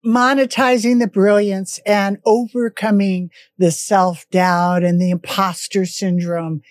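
A woman's voice: medium pitch, little pitch movement, slow, no room sound, studio quality. A woman host of a casual interview, affirming and chatty. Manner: affirming, frequent backchannels.

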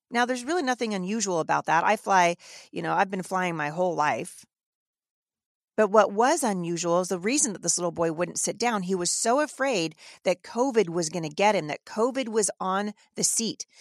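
A woman hosts her own opinion podcast in an emphatic, indignant tone. She often stumbles and restarts mid-sentence as she presses her points. Her voice sits in an ordinary middle pitch, recorded dry with no room sound. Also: no room sound. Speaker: podcast host. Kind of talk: opinion commentary.

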